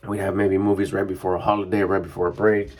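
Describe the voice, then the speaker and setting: A man's voice: deep voice, level tone, fast talker, darkish tone. A middle-aged man, a mindset coach, talking in a rambling, casual monologue full of fillers. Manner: rambling and conversational, with frequent fillers.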